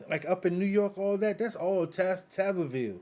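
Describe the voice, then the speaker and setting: A man's voice: high-pitched, fairly even intonation, moderate pace, a little mellow. A man from the United States giving heated political commentary in a live audio chat room, emphatic and repetitive, posing rhetorical questions. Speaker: guest commentator.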